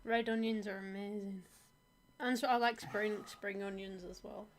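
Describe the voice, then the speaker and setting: A woman's voice: mid-range voice, steady tone, moderate pace, slight background noise. Giggly woman with a hybrid accent. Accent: mixed, hard-to-place accent. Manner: giggly, playful asides. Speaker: co-host. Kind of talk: casual chat on a live stream.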